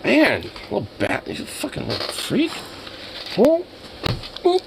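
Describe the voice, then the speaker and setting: Lively exasperated young man with a cold. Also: high voice, slow, creaky, background noise. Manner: exasperated, teasing, swears a lot. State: has a cold. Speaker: vlogger. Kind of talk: casual talk to his dog.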